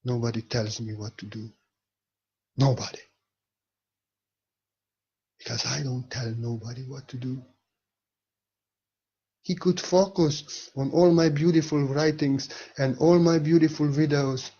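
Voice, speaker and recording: A man giving a spiritual monologue with a husky voice, speaking emphatically and swinging between soft and loud. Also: mid-range voice, steady tone, unhurried, long pauses, highs cut off. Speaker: spiritual teacher.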